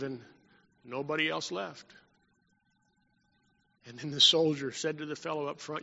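A man preaching a sermon as pastor, telling stories and swinging between loud and hushed. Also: a little high, fairly even intonation, unhurried, gravelly, pauses often. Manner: storytelling preacher, rising and dropping in volume. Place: church sanctuary. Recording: dull sound in a long-reverb hall.

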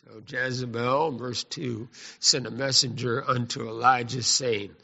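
A man preaching a sermon in an animated, folksy, repetitive way. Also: medium pitch, measured pace, creaky, few pauses. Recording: echoey hall, muffled lo-fi.

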